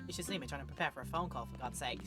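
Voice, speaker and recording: Over loud music, a woman with an extremely low-pitched voice talks very fast as she plays a video game on stream. She gives casual let's-play commentary, chatting, joking and thinking aloud.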